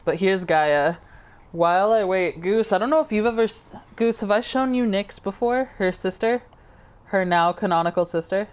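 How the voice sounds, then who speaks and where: A woman's voice: mid-range voice, moderate pace, highs cut off. A tired woman streamer chatting casually and rambling to her viewers while she plays a game. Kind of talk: casual live-stream chat.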